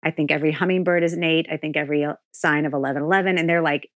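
A woman's voice: low voice, fairly even intonation, racing, no room sound, clean studio sound. A woman in her forties, a guest in a candid podcast interview, talking frankly and with animation and swearing freely.

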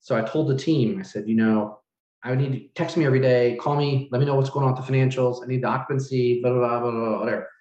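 A man's voice: medium pitch, fairly even intonation, darkish tone. Earnest, emotional middle-aged man. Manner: earnest, halting, with many restarts and fillers. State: emotional, close to tears. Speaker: hotel manager, guest. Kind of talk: emotional storytelling in an interview. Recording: roomy, dull lo-fi sound.

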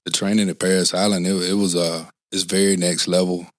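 A former Marine in his forties talks earnestly in a casual interview, rambling and restarting often, with plenty of "you know what I'm saying". His deep voice is flat and fairly quick, and there's no echo.

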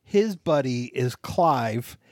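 A man's voice: mid-range voice, lively intonation, slow, a little mellow, no room sound, clean studio sound. A man co-hosting a casual movie review chat, playful and laughing often. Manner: playful, laughs often, jokey mock-British voices. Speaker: podcast co-host.

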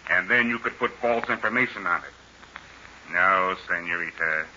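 An actor playing a suave, scheming male villain in a 1930s radio drama, smooth and menacing. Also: low voice, unhurried, pushed and bright, a little hiss or hum, full character voice. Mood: sly. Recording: muffled old radio recording.

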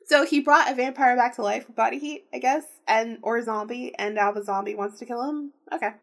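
A woman's voice: on the high side, brisk. A woman host making amused, blunt asides while reading a fairy tale aloud. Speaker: podcast host and reader.

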